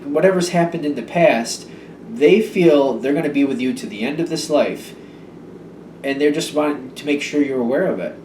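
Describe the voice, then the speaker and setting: A man's voice: fairly high pitch, a little mellow, a little hiss or hum. A man giving a casual tarot reading, rambling and hesitant, with many fillers and restarts. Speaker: tarot reader. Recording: echoey room, voice from a distance.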